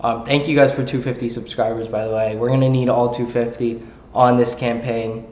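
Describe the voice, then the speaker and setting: A man's voice: mid-range voice, level tone, a little fast, a little mellow. A young man venting to his viewers about a game company, indignant and rallying, with many ums and likes. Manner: indignant, rallying, filler-heavy. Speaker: gaming channel creator. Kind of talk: heated direct-to-camera rant. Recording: roomy echo.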